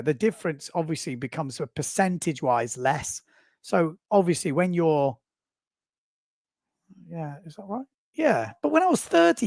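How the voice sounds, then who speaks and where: Man in his forties, livestream host, gravelly voice, slightly high pitch, dry close sound, rambling casual commentary. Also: a little mellow, dry recording. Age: 40s. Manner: chatty, rambling, self-amused.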